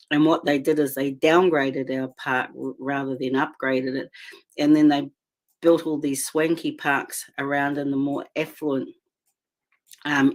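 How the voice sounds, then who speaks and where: Low-voiced New Zealand woman. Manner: earnest, with frequent ums and restarts. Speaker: local council candidate. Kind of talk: casual video address, reading a statement.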